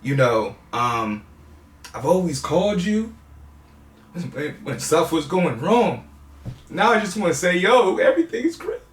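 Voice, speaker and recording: A man in his thirties, a guest in an interview, speaking haltingly with many fillers and restarts, tearful and laughing through emotion. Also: a little high, sing-song, reverberant.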